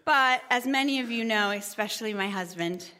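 At a church gathering, a middle-aged mother tells a parable and stories from family life, chatty and gently humorous. Her voice is fairly high and her pace moderate.

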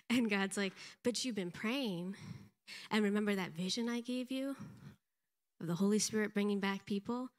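A middle-aged woman giving an animated, self-deprecating church testimony, laughing often. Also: medium pitch, a little slow, pauses often. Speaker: pastor's wife giving a testimony.

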